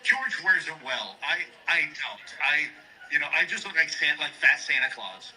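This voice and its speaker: A man on as a guest, chatting casually, joking at his own expense with halting restarts. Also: on the high side, animated, pushed and bright, low-quality recording. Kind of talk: casual chat.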